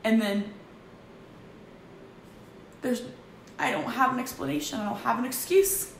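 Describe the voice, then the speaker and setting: A woman in her thirties candidly confessing her struggles in a halting, emotional vlog, with frequent restarts. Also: on the high side, creaky. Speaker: vlogger. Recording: echoey room with faint background noise.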